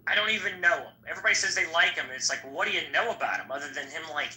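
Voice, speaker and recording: Bright-voiced man with a profane, rambling style. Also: a little high, expressive, very fast. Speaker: podcast host. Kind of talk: casual podcast chat. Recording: roomy echo.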